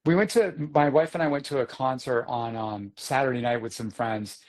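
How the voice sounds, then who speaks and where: A man's voice: medium pitch, moderate pace. Easygoing self-deprecating man. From Boston area. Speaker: podcast co-host. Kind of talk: casual chat.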